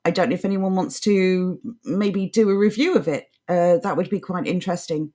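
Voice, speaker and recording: A woman's voice: fairly low pitch, moderate pace, dark tone. A woman co-hosting a live political talk show, speaking with an impassioned, ranting delivery. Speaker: co-host.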